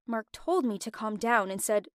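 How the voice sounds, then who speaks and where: A young woman narrates her own story in a high voice, full of feeling. The sound is dry and close, with no room echo. Her delivery swings with emotion. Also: animated, normal speed. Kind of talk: first-person story narration.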